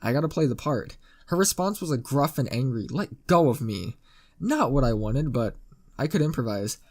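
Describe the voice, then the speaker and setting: A man's voice: medium pitch, sing-song, a little fast, darkish tone. Man casually narrating a crude story. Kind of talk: first-person internet story reading.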